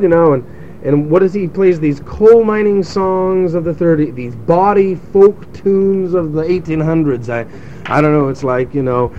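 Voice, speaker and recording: A man's voice: a little high, lively intonation, a little fast, a little hiss or hum, low-quality recording. A young adult man telling a rambling, sarcastic story in casual chat, mimicking people as he goes. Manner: sarcastic, mimics crowd voices, rambling with restarts.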